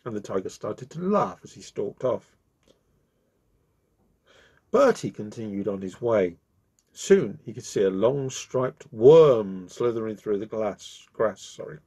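A man reading a children's story aloud as the host of his channel, with expressive, animated delivery. His voice is slightly husky and swings widely in pitch. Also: a little slow.

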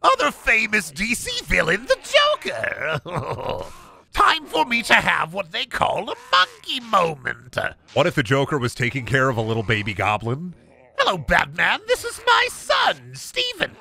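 A man voicing a giggly villain clown in a high, mocking, sing-song voice. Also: wildly swooping pitch, a little slow, gravelly, pushed and bright, exaggerated voice.

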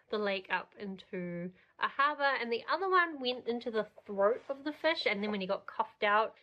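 A woman's voice: mid-range voice, muffled recording. A woman talking casually to camera about books she has read, chatty and self-deprecating, with frequent fillers. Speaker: book vlogger. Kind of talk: casual reading vlog.

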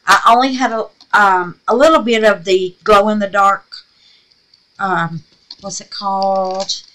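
This resin craft vlogger walks viewers through a project in a casual tutorial chat, gushing as she goes. Her slightly scratchy, mid-range voice sounds pushed and bright, and she keeps a measured pace.

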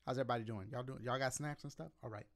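A man giving casual let's-play commentary over a game, slangy and animated, with sudden loud exclamations. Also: medium pitch, very fast. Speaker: gaming commentator. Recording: game music playing underneath.

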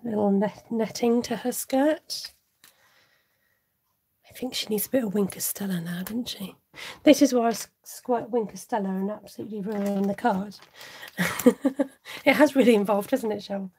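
A woman's voice: mid-range voice, normal speed, darkish tone, a little hiss or hum. A woman hosting a live card-making stream, chatting casually, reading out viewer comments and often murmuring asides to herself. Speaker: card-making livestream host. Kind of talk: casual live crafting chat.

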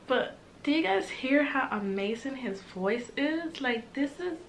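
Gushing young woman with a higher voice. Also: animated, a little slow, a little hiss or hum. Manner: gushing, emotional, chatty with many fillers. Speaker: music reaction host. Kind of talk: casual reaction commentary. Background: song playing in the background.

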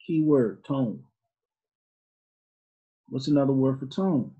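Male religious-class teacher, dark husky voice, chatty and questioning, lo-fi sound. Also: mid-range voice, slow pace, pauses often. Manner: conversational, asks the class questions. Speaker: Sunday school teacher. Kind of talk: informal classroom lesson. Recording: dull lo-fi recording.

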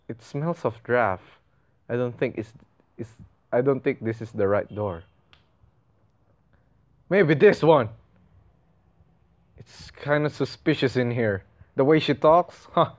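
A young man commentating a horror game, reacting loudly with swearing and laughter. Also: medium pitch, muffled recording. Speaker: gaming channel host.

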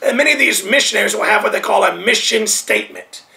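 High, gravelly-voiced American-born preacher. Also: male voice, fast talker. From United States. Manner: repetitive emphatic preaching, swinging from loud to hushed. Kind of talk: sermon. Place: Thailand.

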